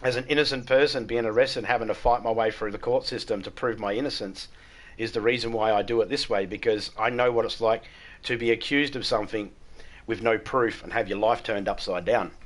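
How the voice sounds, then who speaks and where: A man's voice: lowish voice, fairly even intonation, brisk. An Australian man chatting casually with his chat viewers during a live gaming stream, blunt and frank, swearing freely and laughing at his own jokes.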